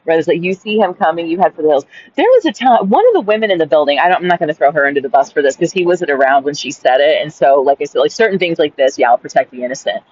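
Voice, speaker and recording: A woman's voice: deep voice, lively intonation, rapid-fire, hardly any pauses, darkish tone, husky, dull audio. A woman and caregiver reading her journal aloud and ranting in a blunt, profane, exasperated way.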